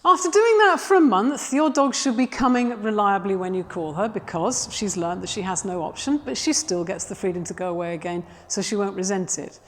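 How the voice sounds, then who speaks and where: A woman's voice: mid-range voice, expressive, fairly quick, hardly any pauses, big-room sound. A woman dog trainer giving practical, matter-of-fact instruction, filmed outdoors. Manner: practical and matter-of-fact, turns bright and gushing when praising the dog. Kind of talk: instructional video.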